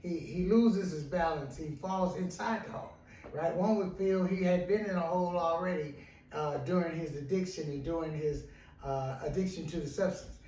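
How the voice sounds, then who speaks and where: A man's voice: a little high, normal speed, darkish tone, slight background noise. A male counselor telling a story in a rambling, repetitive way, often asking "right?". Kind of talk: storytelling talk. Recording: roomy echo, mic at a distance.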